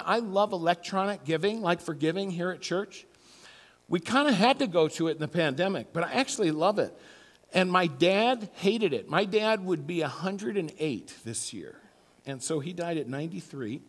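A middle-aged man preaching a conversational sermon as pastor, chatty and self-deprecating, acting out little voices. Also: on the high side. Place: church sanctuary. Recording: long church hall reverb.

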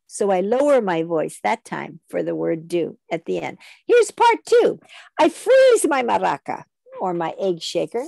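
A woman teaching a children's music lesson online, leading call-and-response singing in an animated, coaxing way. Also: medium pitch, a little slow, gravelly, slight background noise.

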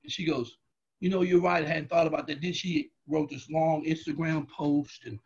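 Loud, animated man telling stories. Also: fairly high pitch, moderate pace, breathy edge. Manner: loud, animated, acts out dialogue in anecdotes. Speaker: guest, athletics staff member. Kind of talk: storytelling in an interview. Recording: muffled lo-fi audio.

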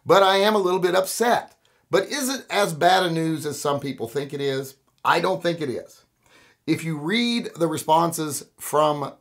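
A middle-aged man hosting his own commentary show, ranting in an animated, sarcastic and self-mocking way. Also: mid-range voice. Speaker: host. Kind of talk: opinionated commentary.

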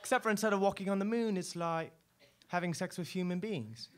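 On a live poetry club stage, a man voices a chatty male lizard mascot who is proud of showbiz but secretly lonely, in a cheeky, breezy spoken word performance that rambles, mocks itself and brims with fillers. His voice is high, a little fast, smooth and natural.

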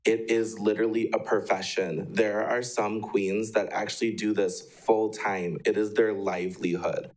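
A young man from Wisconsin giving a sincere, measured public comment at a city council meeting. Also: lowish voice, low-quality recording.

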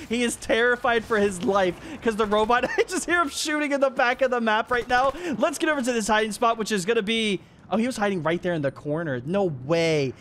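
A young man giving lively gameplay commentary, talking to the players and often breaking into laughter. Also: sits high, a little hiss or hum. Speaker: gaming YouTuber.

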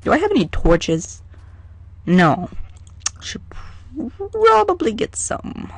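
A let's play gamer giving casual gameplay commentary in a hyper, excitable way, chatting to the creatures in the game. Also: medium pitch, slow, creaky, no room sound.

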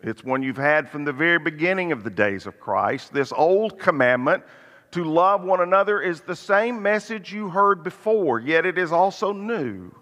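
A man's voice: a little high, expressive, moderate pace, a bit bright. A middle-aged man leading a church Bible study, telling stories and lifting his voice for emphasis. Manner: storytelling, lifts voice for emphasis. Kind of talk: church teaching. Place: church hall. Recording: long hall reverb.

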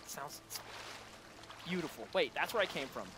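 A man giving goofy, rambling commentary while playing a video game, talking to the creatures on screen and yelling now and then. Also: a little high, expressive, moderate pace, noisy background. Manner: goofy, talks to game creatures, sudden yells. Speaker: gameplay video host. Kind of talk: let's play commentary.

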